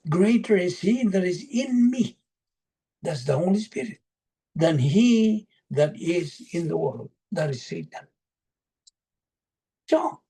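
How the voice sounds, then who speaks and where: Brief: unhurried Bible teacher on a video call, husky, mellow tone, poses questions and answers them. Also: mid-range voice. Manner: asks and answers own questions, lists verse references. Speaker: Bible study leader. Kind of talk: teaching an online Bible study.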